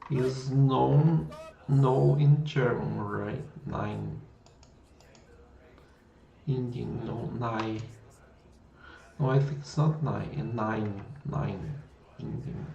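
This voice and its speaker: A man hosting a casual livestream, musing slowly and trying out words aloud. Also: mid-range voice, creaky, warm tone. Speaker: livestream coding host. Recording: echoey room, dull lo-fi sound.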